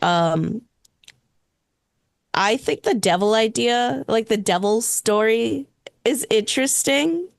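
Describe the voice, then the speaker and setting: Young woman cohost, laid back, laughs a lot, slightly high voice, dry close mic. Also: expressive, takes it slowly, vocal fry, pauses often, dry recording. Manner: laughs often, loose with fillers. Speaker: podcast co-host. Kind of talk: casual chat about superstitions.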